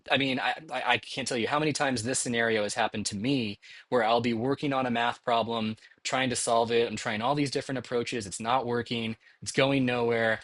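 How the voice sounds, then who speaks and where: A man's voice: mid-range voice, fairly bright tone, dry recording. Encouraging male teacher, dry close sound. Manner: encouraging, conversational, frequent "okay?" check-ins. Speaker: math instructor. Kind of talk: recorded lecture narration over slides.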